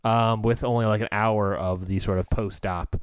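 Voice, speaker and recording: A man co-hosting a podcast in casual chat, animated and rambling, laughing often as he talks. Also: on the low side, normal speed, clean tone, no echo. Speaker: podcast co-host.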